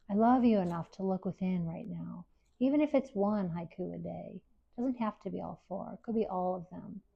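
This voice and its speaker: A woman presenting a workshop to a live audience at an expo, speaking gently and encouragingly. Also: medium pitch, creaky. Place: event hall with live audience. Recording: dull lo-fi recording.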